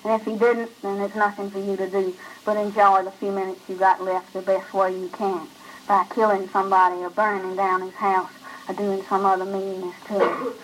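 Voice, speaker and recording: A brooding male outlaw speaks in a flat, grim rural drawl, as a woman narrator reads him. He stays matter-of-fact, even about killing. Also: medium pitch, normal speed, slight background noise, close to an everyday voice, poor audio. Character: cold, brooding male outlaw who kills calmly.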